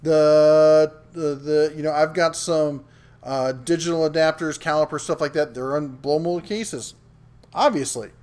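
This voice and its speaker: A man's voice: a little high, unhurried, a little mellow, clean tone. A middle-aged man hosting a live tool show, chatting casually and reading viewer comments aloud with frequent ums. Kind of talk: casual livestream chat.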